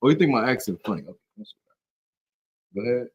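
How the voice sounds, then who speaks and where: A man's voice: medium pitch, animated, quick pace, muffled recording, a little hiss or hum. A man teaching scripture in a loose, joking, conversational way, often checking in with "you know what I'm saying". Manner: slangy and joking. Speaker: Bible study teacher.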